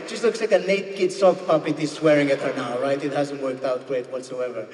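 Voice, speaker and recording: A man's voice: a little high, fairly even intonation, fairly quick, hardly any pauses, a little mellow. A man doing live stand-up comedy in a church, chatty and constantly checking in with the audience. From United Kingdom. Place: church used as a venue. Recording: echoey church hall from a distance.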